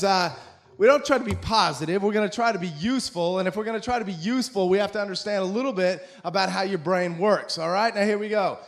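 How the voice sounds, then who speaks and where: An excitable American man in his forties delivers a lively motivational talk, joking with the crowd between points. His voice sits noticeably high for a man. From USA. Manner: excitable, animated, jokey. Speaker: motivational speaker.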